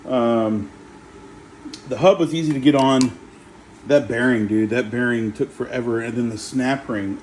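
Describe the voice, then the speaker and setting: A man's voice: medium pitch, darkish tone, slight background noise, low-quality recording. A man casually narrating his own repair work in a home garage, thinking aloud as he goes with plenty of fillers. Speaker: DIY vehicle repair vlogger. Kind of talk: casual how-to narration while working.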